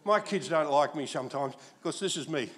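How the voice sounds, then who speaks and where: A man in his sixties with an Australian accent, preaching a sermon as pastor in a jokey, animated storytelling manner. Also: on the high side, a little fast.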